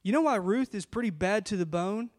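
A man's voice: sits high, a little fast. A man pastor preaching an emphatic sermon full of rhetorical questions.

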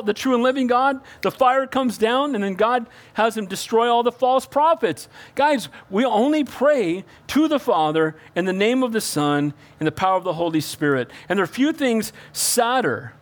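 High-voiced man preaching a sermon. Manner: preachy, calls for amens, swings from loud to hushed. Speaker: pastor.

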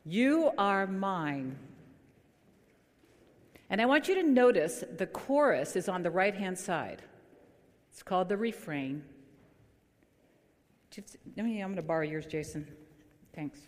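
Woman pastor, conversational sermon with gentle humor, long reverb of a church hall. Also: on the low side, lively intonation, normal speed, pauses often. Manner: conversational, quizzes the congregation with light humor. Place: church sanctuary.

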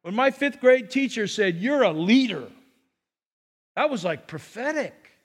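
An older man, a pastor, preaching a sermon in a church and telling stories in an animated way. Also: extremely high pitch, a little slow. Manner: animated storytelling, acts out scenes.

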